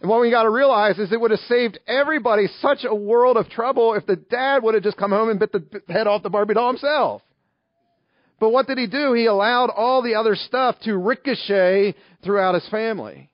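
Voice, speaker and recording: A man delivers a sermon in an easygoing, conversational style, leaning on everyday stories. His voice sits high for a man. The recording is dry and a little dull, with no room sound. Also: fairly quick, no room sound. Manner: conversational, illustrative storytelling. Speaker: pastor.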